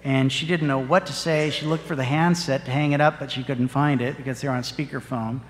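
A parish priest giving a sermon, telling a story in an earnest, measured way. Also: male voice, medium pitch, steady tone. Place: church. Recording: long church reverb.

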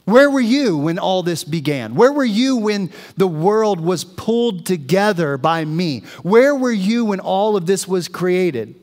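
A man voicing God speaking from a storm, slow and emphatic with mocking questions. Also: sits high, expressive, a little mellow. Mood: demanding. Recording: long reverb of a church hall.

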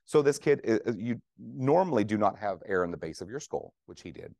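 Fast, chatty male nurse lecturer. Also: lowish voice, animated, vocal fry, dark tone, dry recording, studio quality. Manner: conversational, jokey, asks audience questions. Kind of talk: conference lecture to clinicians.

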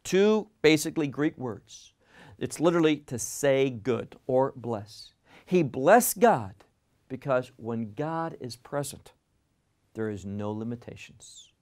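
A man teaching verse by verse through a Bible passage, deliberate and emphatic, often repeating words for stress. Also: mid-range voice, expressive, darkish tone.

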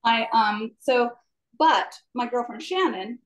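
Eager woman, slightly high voice, rambling and apologetic testimony over a video call. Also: slow pace, lo-fi sound. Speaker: class participant. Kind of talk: sharing a personal testimony.

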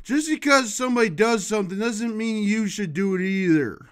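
A man delivering a rambling comedic monologue to camera as the host of his own show, swinging between loud outbursts and low muttering. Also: lively intonation, moderate pace, clean tone. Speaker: vlogger.

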